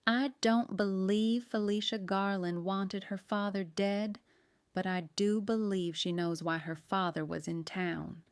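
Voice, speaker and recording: A woman voicing a level-headed female police detective who speaks in a measured, matter-of-fact way. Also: medium pitch, fairly even intonation, clear, resonant tone, no echo, studio quality, lightly acted. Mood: serious.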